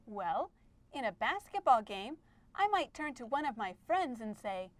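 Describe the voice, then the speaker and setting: A woman doing a bubbly exclamation-mark girl in a children's lesson skit, high and bright in pitch. The voice swoops up and down with eager cheer. The sound is dry and close. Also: very animated, unhurried, dry recording. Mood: excited. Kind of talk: children's educational puppet skit.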